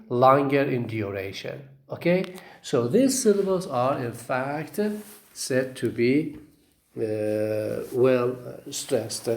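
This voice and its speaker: A man's voice: mid-range voice, mellow, echoey room. A male teacher giving a phonetics lecture, repeating example words to demonstrate stress, with frequent hesitations. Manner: hesitant, fills pauses with "uh".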